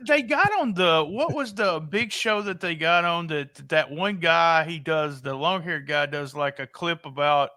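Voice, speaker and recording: A man's voice: fairly high pitch, unhurried, few pauses, pushed and bright, no room sound. A man chatting casually on a podcast, rambling and restarting his sentences.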